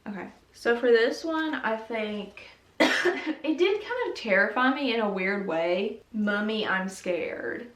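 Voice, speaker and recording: A woman's voice: on the high side, sing-song, measured pace, fairly bright tone. A young woman hosting a casual video, chatting and giggling about TV episodes with lots of "like". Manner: chatty and giggly, heavy use of "like". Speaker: YouTube host. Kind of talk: casual chat reviewing TV episodes. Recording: roomy echo, mic at a distance.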